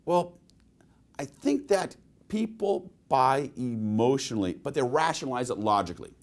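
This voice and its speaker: A sales trainer giving a webinar presentation, telling stories and asking the audience rhetorical questions. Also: male voice, medium pitch, sing-song, moderate pace.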